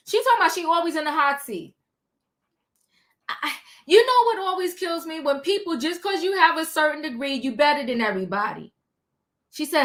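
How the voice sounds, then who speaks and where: A woman hosting a livestream, recapping a reality show in sassy, animated casual chat. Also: sits high, normal speed. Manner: animated, sassy, talks back to the people she recaps.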